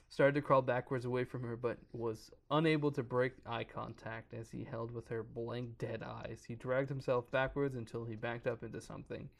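A man's voice: mid-range voice, level tone, moderate pace, vocal fry, few pauses. A man on a podcast casually reading a creepypasta aloud, stumbling over words and breaking off to joke. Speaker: podcast co-host reading a horror story.

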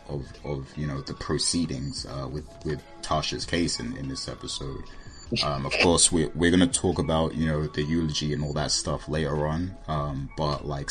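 A man co-hosting a casual TV recap podcast, talking loosely with lots of fillers and turning questions to his co-hosts. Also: extremely low pitch. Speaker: podcast co-host.

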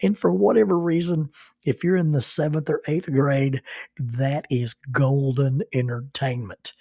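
Older minister host, gravelly and husky voice, unhurried storyteller. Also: male voice, mid-range voice, fairly even intonation, mellow, no echo, studio quality. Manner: unhurried, chuckles while recalling. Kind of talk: reflective personal storytelling.

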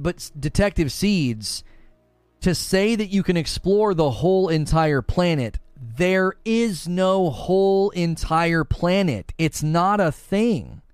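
Male streamer, fairly high voice, scoffing and emphatic while reading chat. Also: clean tone, dry recording. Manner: sarcastic, incredulous; animated, emphatic. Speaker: gaming streamer. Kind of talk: live commentary reading chat.

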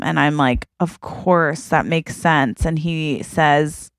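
A woman's voice: sits low, slow, fairly bright tone, clean tone, no echo. A woman co-hosting a podcast, telling a story in casual chat, laughing often and acting out what people said. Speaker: podcast co-host.

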